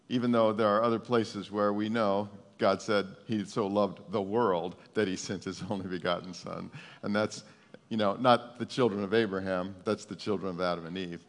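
A man's voice: fairly low pitch, moderate pace. A male pastor giving a conversational, emphatic sermon in a folksy way, often stumbling and repeating words, recorded in a church with a long reverb.

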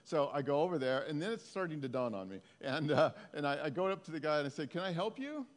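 A man telling a lively testimony story to a congregation, laughing often. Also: a little high, fast talker, long reverb tail.

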